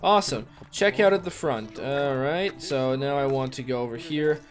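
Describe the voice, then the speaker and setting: A man hosting a gaming video, giving casual, excitable play-by-play commentary and exclaiming and swearing often. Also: mid-range voice, moderate pace. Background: faint background music.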